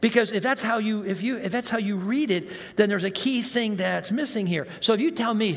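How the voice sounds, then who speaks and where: A man preaching a sermon as pastor, animated and self-mocking, acting out the reactions he quotes. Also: sits high, a little fast, few pauses. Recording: long hall reverb.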